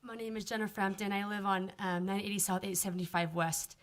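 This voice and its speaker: A woman with a mid-pitched voice speaks at a podium microphone in a council chamber. She makes a steady, earnest appeal, with the occasional filler. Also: fast talker, noisy background. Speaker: resident giving public comment. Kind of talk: public comment at a council meeting.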